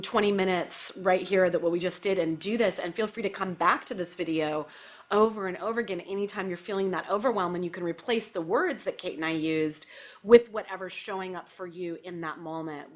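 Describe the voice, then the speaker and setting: A middle-aged woman hosting a casual talk show, chatting in a loose, conversational way full of "like" and "you know". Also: medium pitch. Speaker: podcast host. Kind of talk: casual chat.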